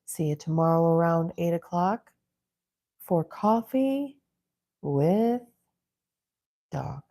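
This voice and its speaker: A woman's voice: fairly low pitch, animated, slow, dark tone. A woman hosting a casual live chat from home, chatting along and playfully scolding her dogs. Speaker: livestream host.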